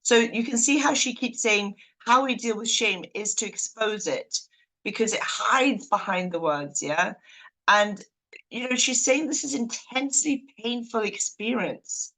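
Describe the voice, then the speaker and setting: A woman's voice: a little high, measured pace, bright, forceful tone, rough recording. A woman leading a group video call, chatting, laughing and asking the group questions. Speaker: book group leader.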